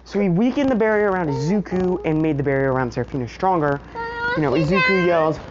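Casting: low-voiced woman narrating a fan story, loose and rambling, muffled home recording with noise. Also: expressive, quick pace. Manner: rambling, filler-heavy with constant "you know". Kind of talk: casual story recap vlog. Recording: muffled lo-fi audio with household noise.

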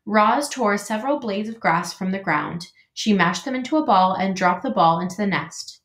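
Give me a woman teacher reading a storybook aloud. Her voice rises and falls in a lively, animated way. The room adds a clear echo to her reading. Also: mid-range voice, moderate pace. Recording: roomy echo.

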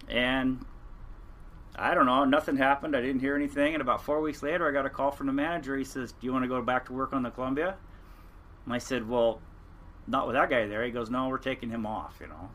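A man's voice: mid-range voice, fairly bright tone, a little hiss or hum. An older man, a former fishing captain, telling stories from his working years in a casual podcast interview, rambling and earnest with frequent restarts.

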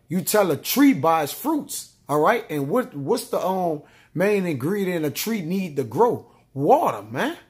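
A man teaching a sermon from scripture, ending nearly every line with "man" and "all right?" and reading verses aloud slowly. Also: a little high. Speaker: preacher.

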